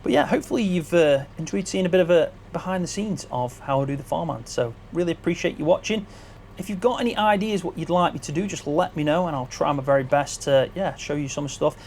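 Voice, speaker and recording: A man's voice: a little high, quick pace, darkish tone, slight background noise. A man on a headset mic, casually chatting behind the scenes as a gaming video creator. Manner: chatty, grateful, loose, with restarts.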